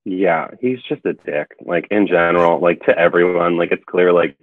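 This is a man with a very low voice talking through a movie in a casual, meandering way. His speech is packed with filler words as he retells scenes. The recording is dry and thin, like it came over a phone line. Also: normal speed, dry recording. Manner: rambling, many filler "like"s, recaps scenes in animated retellings. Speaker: film podcast co-host. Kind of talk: casual film discussion.

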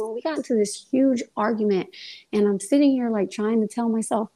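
A young woman, a guest on a faith podcast, tells a personal testimony in a lively, casual way and acts out the voices in her story. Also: fairly high pitch, moderate pace, gravelly.

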